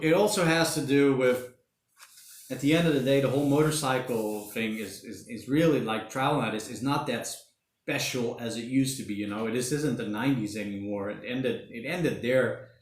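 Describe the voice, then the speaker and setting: A man's voice: mid-range voice, moderate pace, roomy sound. A man hosting a casual livestream from home, reading viewer comments and rambling easily, often saying mate and bloody. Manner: rambling, relaxed, says mate and bloody a lot. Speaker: livestream host. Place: home during lockdown.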